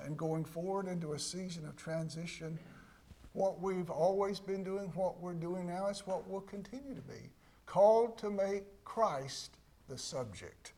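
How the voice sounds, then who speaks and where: A man preaching a sermon as pastor, slow and emphatic, repeating key words and sometimes dropping to a hush. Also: on the high side, vocal fry, slight background noise.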